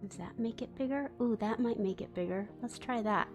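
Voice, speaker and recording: A woman's voice: a little high, fairly quick. A woman streamer in a casual livestream chat, chatty and giggly, rambling with fillers. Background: soft background music.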